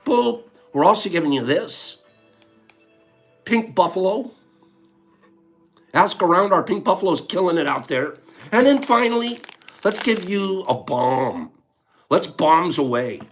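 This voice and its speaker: A man hosting a casual live stream, upbeat and reading viewer answers aloud in quick bursts. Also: high voice, very animated, a bit bright, faint music behind.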